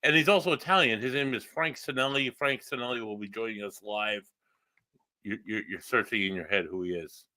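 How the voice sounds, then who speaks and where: A man's voice: fairly low pitch, a little fast, pushed and bright, no echo, poor audio. A man co-hosting a live podcast, loose and joking, swearing freely. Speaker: podcast co-host. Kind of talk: casual banter on a live show.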